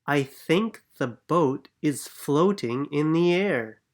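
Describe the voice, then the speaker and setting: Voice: mid-range voice, animated, slow. A reader doing a shy, worried little girl. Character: anxious young girl, shy. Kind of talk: storybook reading.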